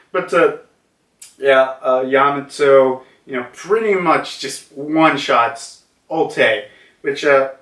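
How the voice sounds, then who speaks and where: A manga reviewer with a high, bright, forceful voice talks casually about a comic chapter, rambling with many fillers and restarts. He sounds far from the mic in an echoey room.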